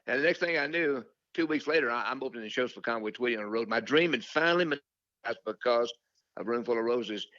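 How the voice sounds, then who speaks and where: A man's voice: medium pitch, fast talker, a bit bright, no room sound. An older man telling stories as an interview guest, rambling with fillers and restarts and quoting his own thoughts. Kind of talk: casual storytelling interview. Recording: dull lo-fi dry sound.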